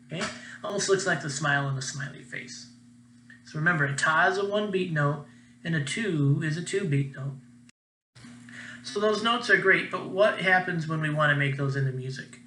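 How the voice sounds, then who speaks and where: A man's voice: on the high side, normal speed, bright, forceful tone, reverberant, slight background noise, rough recording. A young man, a music teacher, giving a patient, encouraging recorded class lesson.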